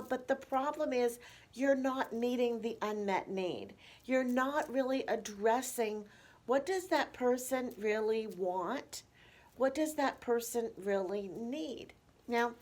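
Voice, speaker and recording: A woman, a nurse and educator teaching caregivers in a measured way with slow, emphatic pauses. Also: a little high, darkish tone.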